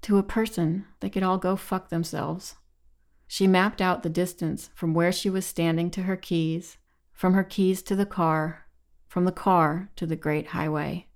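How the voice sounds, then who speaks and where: A woman author giving a measured literary reading of her own short story. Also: fairly low pitch, steady tone.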